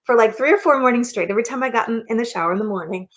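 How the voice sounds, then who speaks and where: A woman's voice: a little high, very fast, fairly bright tone. A middle-aged woman, a minister and mindset coach, giving an earnest, conversational motivational sermon, often checking in with the listener. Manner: earnest and conversational, with frequent restarts and "okay?" check-ins.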